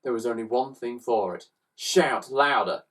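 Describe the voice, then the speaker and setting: A man reading a children's story aloud with expressive, animated narration, recorded on a slightly distant mic. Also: mid-range voice, unhurried. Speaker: storybook reader.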